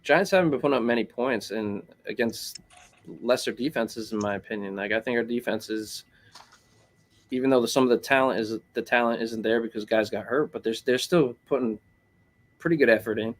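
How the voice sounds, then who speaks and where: A man's voice: medium pitch, brisk. A man co-hosting a casual sports chat, rambling and filling his talk with "like" and "bro". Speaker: podcast co-host.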